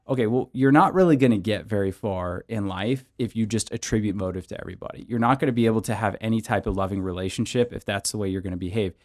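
A man's voice: mid-range voice, fast, darkish tone. A man who is a pastor and show host, giving conversational Bible teaching and practical counseling advice in an earnest way, often adding "right?". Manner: earnest, with frequent tag questions of "right?".

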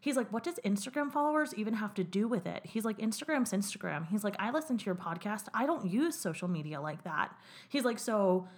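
Young female podcast co-host, casual and candid, mid-pitched. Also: animated, fairly quick. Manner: candid, swearing, quotes others in run-on retellings.

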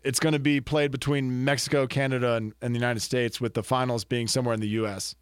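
A man co-hosting a casual sports podcast, cracking wry, deadpan jokes. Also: medium pitch, fast, smooth, no room sound, studio quality.

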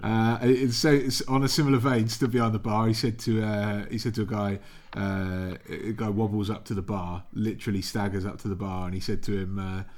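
A man's voice: fairly low pitch, level tone, fairly quick, few pauses, darkish tone. A man co-hosting a casual podcast over a video call, telling rambling anecdotes and swearing freely. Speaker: podcast co-host.

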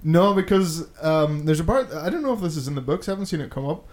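Brief: male podcast host, slightly high voice, loose and sweary, rambles. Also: lively intonation, fast. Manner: swears freely, rambling with restarts. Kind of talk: casual chat.

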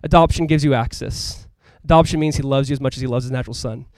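A man preaching a sermon as a pastor in a casual, conversational and animated way, full of asides to the congregation. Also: medium pitch, fast, no echo. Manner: animated, emphatic delivery.

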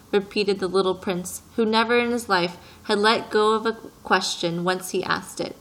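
A woman reads a story aloud as narrator, in a calm and even storytelling manner. Her voice sits in the middle range. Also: mid-range voice, normal speed, few pauses, low-quality recording. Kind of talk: audiobook reading.

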